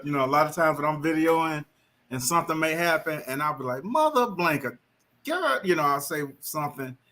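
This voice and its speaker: Folksy man with a bright voice. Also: fairly high pitch. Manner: folksy, laughs often, says "you know what I'm saying". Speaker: guest. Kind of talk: casual live-stream chat.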